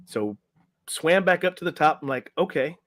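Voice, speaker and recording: Animated male storyteller, dry close sound. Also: on the high side, normal speed, no echo. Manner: animated storyteller acting out quotes, filler "right?". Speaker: podcast guest, health and life coach. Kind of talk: casual storytelling interview.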